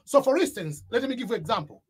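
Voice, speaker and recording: A YouTube coach with an East African accent gives a motivational talk about starting a YouTube channel, hammering home his points and repeating them. His voice is very high, animated and slightly rough, and he speaks at a quick pace.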